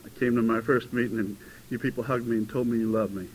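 A man in his fifties telling his recovery story to a meeting, animated and given to sudden loud outbursts. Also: medium pitch, fast, slight background noise, poor audio. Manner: animated storytelling, bursts into shouting. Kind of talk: personal testimony to a meeting. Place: meeting hall before a live audience.

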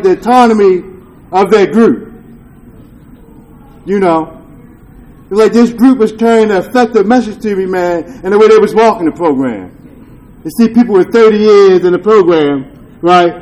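A man with a notably high voice shares a candid testimony at a recovery meeting. He talks in loose street slang, swears freely, and keeps checking in with "you dig?" His tone is earnest and confessional. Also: animated, normal speed, pauses often, a little mellow, rough recording. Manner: earnest and confessional, with rueful laughs. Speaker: speaker sharing at a recovery meeting.

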